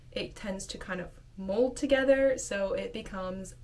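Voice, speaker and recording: A woman's voice: mid-range voice, steady tone, a little mellow, far from the mic. A woman teaching a casual video lesson, repeating short phrases patiently. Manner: slow, repeats phrases over and over. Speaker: language teacher.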